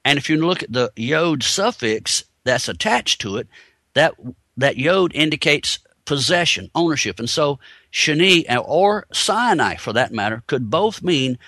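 A man's voice: a little high, very animated, unhurried, bright, forceful tone, no room sound. A man giving a teaching sermon, explaining points step by step and asking rhetorical questions. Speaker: Bible teacher.

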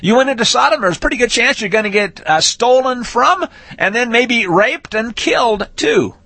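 A man teaching a Torah portion in a lively, folksy, conversational way, rereading verses with shifting emphasis. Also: extremely high pitch, normal speed, no room sound. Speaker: Bible teacher.

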